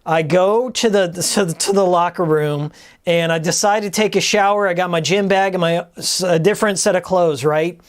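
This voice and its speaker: A male streamer hosting his stream launches into a casual, profane rant, telling a crude, exasperated anecdote. He speaks with a high-pitched voice at a moderate pace.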